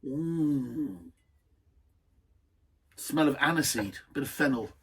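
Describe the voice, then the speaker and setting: A man's voice: medium pitch, animated, takes it slowly, a bit bright, breathy edge, recorded from a distance. A man hosting a casual wine tasting, chatty and enthusiastic, wandering off into asides. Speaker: wine reviewer, host.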